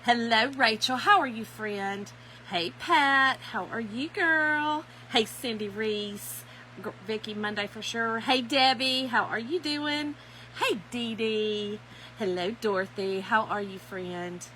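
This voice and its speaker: A woman's voice: on the high side, takes it slowly, bright, forceful tone, slight background noise, rough recording. Chatty woman hosting a craft livestream. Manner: chatty, greets viewers by name, laughs often. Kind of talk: casual livestream chat with viewers. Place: home.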